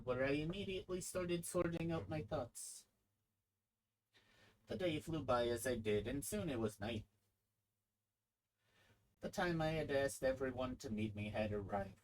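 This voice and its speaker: A man's voice: mid-range voice, poor audio. A man streaming a game, reading its text aloud into a desk microphone and breaking off for casual asides. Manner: reads text evenly, breaks off for casual comments.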